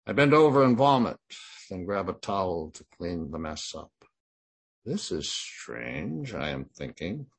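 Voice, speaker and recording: A man in his sixties reading his first-person memoir in a plain, measured way. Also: sits low. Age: 60s. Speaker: memoir narrator.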